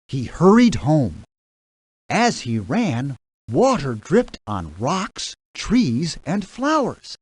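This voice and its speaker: A woman narrating a children's storybook game in a slow, scripted reading voice. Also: low-pitched, breathy edge, dry recording. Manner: very slow, lively reading with acted quotes.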